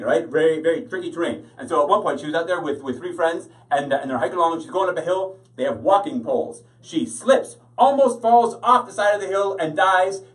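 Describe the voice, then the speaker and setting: A man's voice: a little high, fairly bright tone, far from the mic, poor audio. Rambling self-deprecating stand-up man. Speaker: stand-up comedian. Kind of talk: stand-up set. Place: comedy show with live audience.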